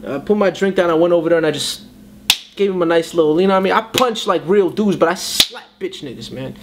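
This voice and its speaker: A young battle rapper with a high voice talks fast while telling a story in a casual interview. He's animated and slips into voices for the people he quotes. There's a noisy background.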